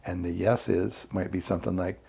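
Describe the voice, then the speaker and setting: Gravelly man explaining mediation calmly. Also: low voice, fairly quick. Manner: reflective, explains with acted examples. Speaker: conflict mediator guest. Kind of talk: casual podcast conversation.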